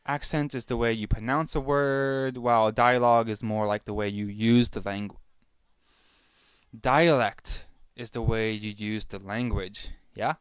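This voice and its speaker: A young man talks casually to the camera, stopping to correct himself as he goes. His voice is smooth and clear, at an ordinary pitch for a man, and the sound is dry and close. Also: steady tone, unhurried, no echo. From Pennsylvania, USA. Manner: chatty, self-correcting. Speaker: vlogger. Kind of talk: casual vlog word-list reading.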